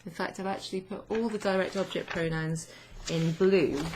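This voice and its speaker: A woman language teacher explaining grammar to her students in an unhurried way, thinking aloud with many fillers. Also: on the low side, fairly even intonation, background noise.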